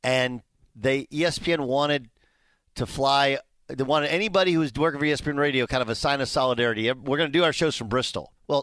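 A man's voice: medium pitch, dry recording. A man hosting sports radio, telling a story against himself. His voice sits in an ordinary middle range. The sound is dry and close to the mic, as in a studio. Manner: self-deprecating storyteller, gets loud when worked up. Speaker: radio host. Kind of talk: casual sports radio talk.

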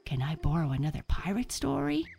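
A woman's voice: deep voice, very animated, a little fast, gravelly, warm tone, pitched above the performer's own voice, heavily acted. A woman voicing a hungry, mildly grumpy little squirrel who sighs a lot.

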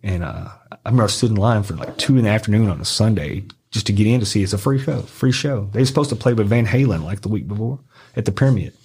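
A man's voice: lively intonation, racing, darkish tone, slight background noise. A middle-aged man from Arkansas, a podcast guest telling rambling, profane stories in casual chat and acting out other people's lines. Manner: swearing, rambling anecdotes, acts out others' lines in a high voice. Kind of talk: casual storytelling.

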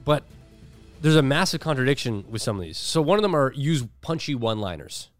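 A man chatting casually as a podcast co-host, lively and quick to laugh, with a middle-pitched everyday voice. He slips into put-on voices when quoting people. Faint music sits low behind him. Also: no room sound. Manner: animated, laughs often, acts out quoted voices. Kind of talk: casual chat.

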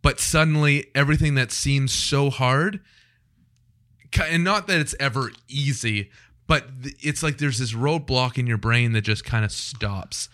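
A man's voice: medium pitch, measured pace, a bit bright. A man hosting a podcast in a casual chat, making joking asides and talking things through at length. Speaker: podcast host.

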